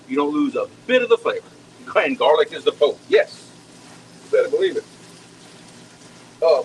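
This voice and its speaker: A man's voice: medium pitch, a little hiss or hum, rough recording. A man, chatting casually with viewers while cooking at home, folksy and talkative, often repeating words as he goes. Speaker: home cook hosting a live cooking stream.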